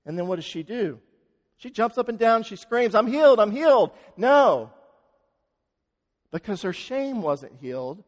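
In a large hall, a man with a high-sitting voice preaches, recounting a story with drama as he moves from booming, quick passages to soft, unhurried ones.

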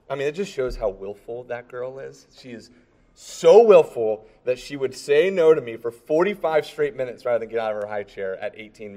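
A man in his thirties, a pastor preaching a sermon in a relaxed, conversational storytelling way with fillers. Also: mid-range voice, big-room sound.

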